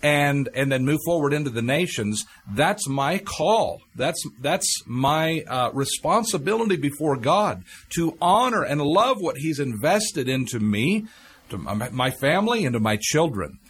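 A man's voice: a little high, sing-song, measured pace, fairly bright tone, husky. A man with a Texan accent speaking earnestly and measuredly as a talk show host, repeating key phrases. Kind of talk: reflective talk-show chat.

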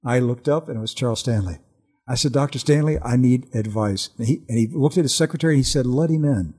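On a Christian talk show, an older man gives an earnest personal testimony, animated and full of restarts. His mid-range voice is husky and quick.

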